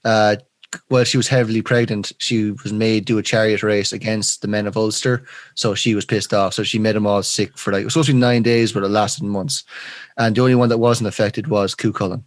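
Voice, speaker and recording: A man's voice: lowish voice, steady tone, a little fast, no echo. A man co-hosting a podcast, dropping dry one-liners and filling in the story. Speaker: podcast co-host. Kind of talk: casual chat.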